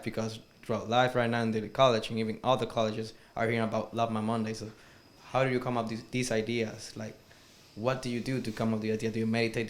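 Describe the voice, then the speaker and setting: Eager man with a flat voice. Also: mid-range voice. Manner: eager, rambling. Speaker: audience member asking a question. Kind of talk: casual question at a panel. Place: event hall.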